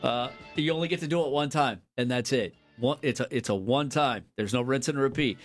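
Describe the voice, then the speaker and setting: Brief: married man, mid-pitched, joking and self-mocking, soft music behind. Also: fairly quick. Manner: laughing, self-mocking anecdotes. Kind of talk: casual podcast chat.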